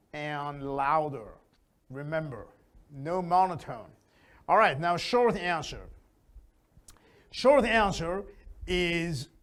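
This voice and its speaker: A man teaching an English conversation lesson, speaking deliberately and modelling lively intonation. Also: high-pitched. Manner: slow, deliberate delivery that models expressive intonation.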